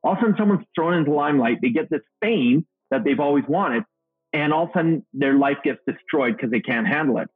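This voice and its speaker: A man's voice: fairly high pitch, animated, quick pace, slightly rough, no echo. A middle-aged man, a motivational speaker, telling stories in an upbeat, goofy interview answer. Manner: upbeat, self-described goofball, acts out quotes. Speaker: guest, motivational speaker and trainer. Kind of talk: energetic storytelling interview answer. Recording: tinny phone-like remote call audio.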